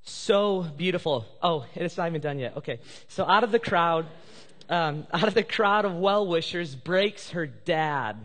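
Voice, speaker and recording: A man's voice: a little high, animated, measured pace, a bit bright. A male pastor preaching a sermon and telling a story with emotion, at times tearful. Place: church sanctuary. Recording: live church hall reverb.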